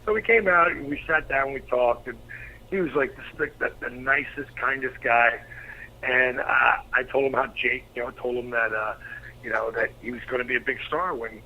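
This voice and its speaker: A middle-aged man, a former pro wrestler, telling profane, animated anecdotes as an interview guest. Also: mid-range voice, moderate pace, husky. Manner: profane, animated storyteller acting out quotes. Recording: slightly dull lo-fi recording.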